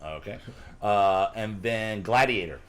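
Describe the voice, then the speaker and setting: A man's voice: on the low side, slow pace, slight background noise. A man hosting a casual chat with friends, explaining a list in a chatty way and swearing now and then. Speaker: podcast host.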